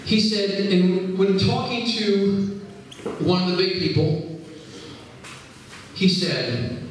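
A man's voice: high-pitched, slow pace, pauses often, slight background noise. A man giving an earnest, conversational sermon at a religious gathering, retelling conversations in quoted speech. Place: large hall. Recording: echoey hall, speaker far from mic.

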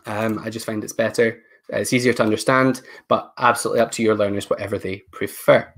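Male trainer, relaxed, thinks aloud mid-demo, computer mic on a call. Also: lowish voice, brisk. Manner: casual, thinks aloud while clicking through settings. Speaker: education technology presenter. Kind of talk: live online training session.

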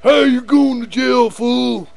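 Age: adult. Sex: male. Figure: a gruff cop making an arrest, as a man puts him on. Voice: high, slow and gravelly. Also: steady tone, heavily acted. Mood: threatening. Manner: shouting threats.

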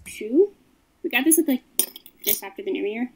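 A woman's voice: fairly high pitch, animated, normal speed, a little hiss or hum, rough recording. A woman casually showing her collection, describing each item in a matter-of-fact way. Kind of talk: casual show-and-tell of a collection.

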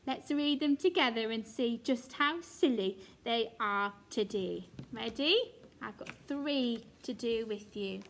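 A woman's voice: fairly high pitch, slow pace, a little hiss or hum. A woman teacher giving a recorded phonics lesson to young children, sounding out letters and praising in a sing-song, encouraging way. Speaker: reception class teacher.

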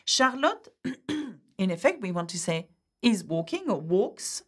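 A woman's voice: medium pitch, sing-song, takes it slowly. A woman teaching a French grammar lesson, patiently explaining step by step and often checking in with "okay?". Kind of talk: online language lesson.

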